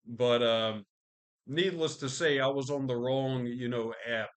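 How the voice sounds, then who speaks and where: A man's voice: mid-range voice, fairly even intonation, unhurried. A man hosting a podcast, ranting casually about the news with constant swearing, fillers and restarts. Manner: profane, rambling, lots of fillers and restarts. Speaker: podcast host.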